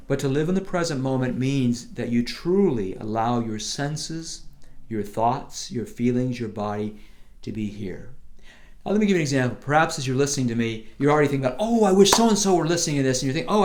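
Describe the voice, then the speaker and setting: A man of middle age speaking as a priest on retreat, his pitch sitting in an ordinary middle range. He talks gently, with long soft passages that sink almost to a hush. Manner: gentle storytelling, often dropping softly to a hush. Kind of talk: retreat talk.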